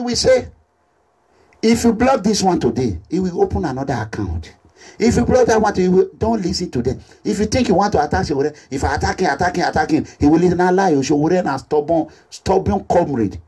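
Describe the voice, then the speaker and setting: A man with a Nigerian accent making an impassioned social media appeal as a political activist, animated and repetitive, slipping into Pidgin English. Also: high-pitched, brisk, slightly rough. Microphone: phone or camera selfie video.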